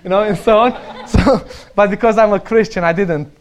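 Romanian-accented man, high voice, laughing often. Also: moderate pace. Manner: laughs often while telling anecdotes. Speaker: speaker sharing stories. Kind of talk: casual storytelling.

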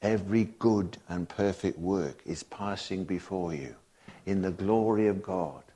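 Guy preaching, really deep voice, keeps firing questions at the congregation, reads bible bits out loud. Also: unhurried. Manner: emphatic, asks the congregation rhetorical questions; reads and quotes scripture aloud. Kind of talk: sermon.

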